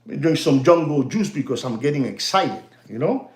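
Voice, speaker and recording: A man's voice: fairly high pitch, fairly quick. A man hosting a live stream, rambling in a teasing, lecturing way, packed with "you know" fillers. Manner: animated, excitable, constant "you know" fillers. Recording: roomy, echoey room sound.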